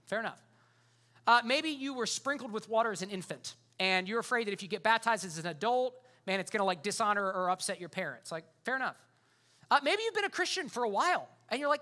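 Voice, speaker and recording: A man's voice: very high-pitched, big pitch swings, quick pace, sharp tone. A man preaching a sermon as pastor, in a casual, conversational way full of fillers.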